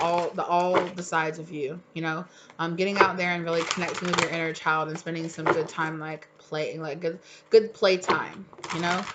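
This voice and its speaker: On a very noisy recording, a woman with a lowish voice gives her viewers a tarot reading. She is chatty and encouraging, talking loosely and filling her speech with lots of "you know" and "like."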